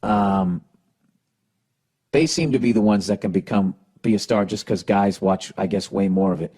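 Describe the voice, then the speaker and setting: A man's voice: fairly low pitch, normal speed, warm tone, breathy edge. A man with a Boston accent hosting a podcast, giving blunt, sarcastic, profane advice as he reads listener letters, with the hiccups. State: has the hiccups. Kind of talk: casual podcast advice rant.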